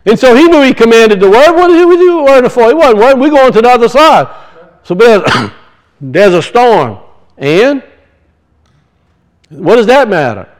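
A man's voice: very high voice, sing-song, moderate pace, long pauses, rough recording. A middle-aged man preaching a sermon as a pastor, talking conversationally, asking rhetorical questions and telling folksy stories.

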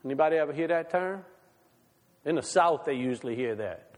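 A man's voice: on the high side, expressive, a little fast, in a large hall. A male pastor giving a conversational sermon, asking the congregation many questions.

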